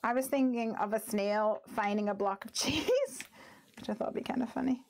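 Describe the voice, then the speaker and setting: A woman hosting a live crafting stream from her home craft room, chatting casually and thinking out loud as she works. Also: on the high side, moderate pace, a little hiss or hum. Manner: chatty, thinks aloud, easily distracted.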